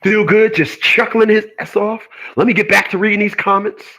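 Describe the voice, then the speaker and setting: A man hosting a home live stream, his talking voice sitting a touch higher than most men's. He reads viewer comments and fires back crude, joking replies in a loose, casual way. He keeps laughing at his own jokes. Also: fairly even intonation, moderate pace, bright, forceful tone, low-quality recording. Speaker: internet talk show host.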